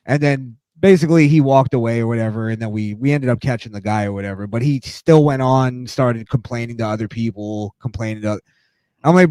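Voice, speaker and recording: A man's voice: medium pitch, fairly quick, darkish tone, dry recording. A man in casual chat, telling a laid-back, profane story about his job. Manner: laid-back, profane, does voices in anecdotes.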